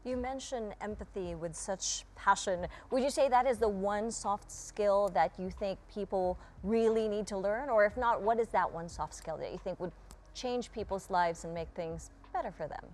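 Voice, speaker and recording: A woman's voice: medium pitch, moderate pace. A woman hosting an interview who asks her guest questions in an inviting way. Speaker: host.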